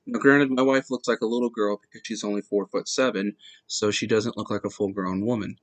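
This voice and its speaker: A man's voice: on the low side, fairly even intonation, brisk, no room sound, rough recording. A man hosting a podcast, plainly reading true-story accounts in the first person.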